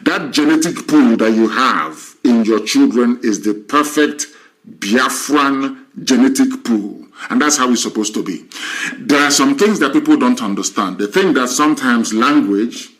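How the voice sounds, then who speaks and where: A man's voice: medium pitch, animated, a little slow, a bit bright. Lecturing man host. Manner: lecturing, full of rhetorical questions. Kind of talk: lecturing talk on a live stream.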